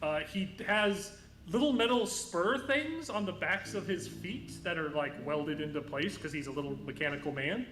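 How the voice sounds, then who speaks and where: Rambling game master, slightly high voice. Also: male voice, animated, normal speed, background noise. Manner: rambling, self-correcting descriptions. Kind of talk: narrating a tabletop game. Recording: echoey room.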